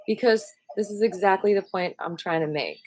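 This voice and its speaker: A woman's voice: mid-range voice, moderate pace, dry recording. A woman giving a casual, rambling qigong meditation talk outdoors among trees, tired from a night up. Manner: rambling, relaxed, full of fillers. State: tired from staying up all night. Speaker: qigong teacher. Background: birds and rustling trees.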